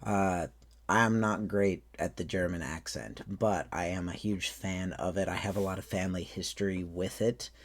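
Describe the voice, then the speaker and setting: A man talking casually through an accent tutorial as a faire staff member, relaxed and rambling, with frequent restarts. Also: deep voice, normal speed.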